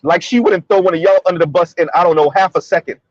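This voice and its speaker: A man's voice: high-pitched, steady tone, fast, no echo. Emphatic man with a dull, dry sound. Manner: emphatic, repeats points with rhetorical questions. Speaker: commentary video host. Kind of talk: monologue commentary.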